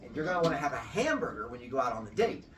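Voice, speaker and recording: A man's voice: medium pitch, sing-song, racing, a bit bright, voice pushed down. A man voicing an exasperated, scheming male god who patiently explains things to foolish humans. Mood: explaining. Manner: impatient, explaining to fools. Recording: from far off in a room.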